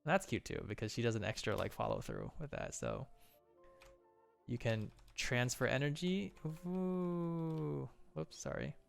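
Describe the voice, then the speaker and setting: A man's voice: mid-range voice, big pitch swings, unhurried, creaky, smooth, soft background music. A man casually breaking down animation on a stream, enthusiastic with playful exclamations.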